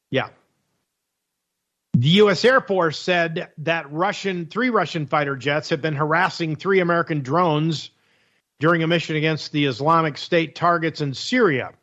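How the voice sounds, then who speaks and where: On his talk radio show, a man with a slightly high, fairly bright voice mocks the news in a sarcastic monologue. He laughs along at his own jokes, and the broadcast audio sounds dull and lo-fi.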